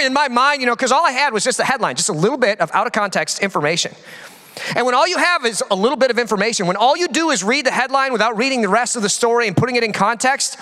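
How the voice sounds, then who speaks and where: A man preaching a sermon as pastor, telling stories with quick jokes and frequent fillers. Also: sits high, smooth. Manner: animated storytelling with quick jokes. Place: large church hall. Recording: long hall reverb.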